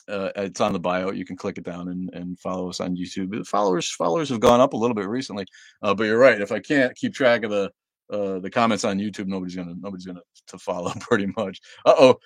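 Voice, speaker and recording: A man's voice: lowish voice, no echo, clean studio sound. A man hosting a casual livestream, reading viewer comments aloud and answering them bluntly and sardonically, with frequent fillers and laughs. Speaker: livestream host.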